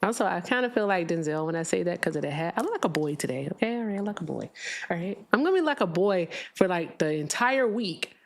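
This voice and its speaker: A woman's voice: lowish voice, expressive, fast talker, a little hiss or hum. A young woman hosting a livestream, chatting bluntly and laughing often with her audience. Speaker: livestream host. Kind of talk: casual livestream chat.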